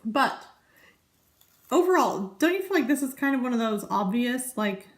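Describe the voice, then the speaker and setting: A woman's voice: on the high side, expressive, normal speed. A woman in her thirties chatting casually to camera as a vlogger, rambling and easily sidetracked. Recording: echoey room.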